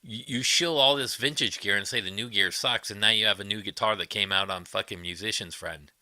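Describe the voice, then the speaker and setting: A man with a fairly low voice talks briskly, pushed and bright, with no room sound. He's hosting a laid-back livestream, reading viewer comments and tossing out blunt, foul-mouthed opinions.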